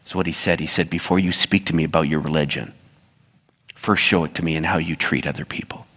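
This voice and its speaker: A man preaching a sermon as a pastor, telling stories and putting animated asides to his congregation. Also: rumbling low, fast talker, slightly rough, big-room sound.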